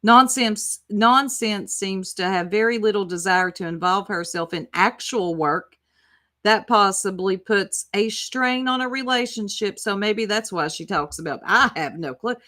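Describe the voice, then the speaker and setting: A woman's voice: mid-range voice, a little slow, bright, forceful tone. A woman hosting casual reaction commentary, sarcastic and profane, talking back to the clips she plays. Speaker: YouTube commentator.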